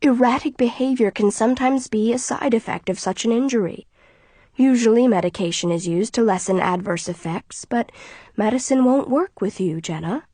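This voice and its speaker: A woman voicing a father who explains things in a measured, reasoning way. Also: on the high side, dark tone, breathy edge, dry recording. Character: father explaining calmly, soothing and controlling.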